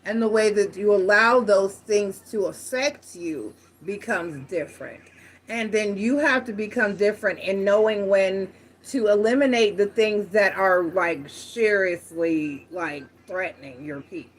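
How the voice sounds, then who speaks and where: A woman's voice: medium pitch, a little slow. A woman giving a casual tarot reading, talking frankly and directly to her viewers, with slang and the odd swear. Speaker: tarot reader.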